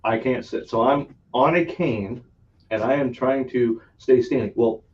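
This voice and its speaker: A man's voice: mid-range voice, measured pace, darkish tone, a little hiss or hum. A man hosting a podcast, telling a long story in casual chat, laughing often and swearing freely. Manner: laughs often, profane, rambling anecdote. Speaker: podcast host. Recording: distant, dull lo-fi sound.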